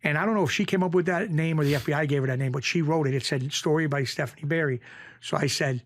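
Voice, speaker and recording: A man's voice: on the high side, quick pace. A man, telling stories as a podcast guest and acting out the voices of people in them. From Springfield, Massachusetts. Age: 50s. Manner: animated anecdotes, acts out quoted voices. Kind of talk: casual storytelling.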